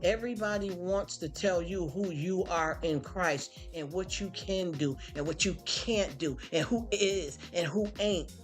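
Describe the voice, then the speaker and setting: A woman's voice: on the low side, a little slow, few pauses, soft background music. A woman hosting a live stream, venting bluntly to her chat and mocking people with put-on voices. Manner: blunt, fired-up, mocking impressions.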